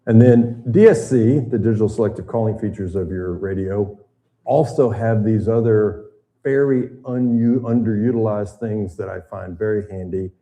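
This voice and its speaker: An older man with a very low, deep voice and a dark, mellow tone, presenting a boating seminar to a room of listeners. He explains at an easy conversational pace, with fillers and restarts along the way. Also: normal speed. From United States. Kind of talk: boating safety seminar talk.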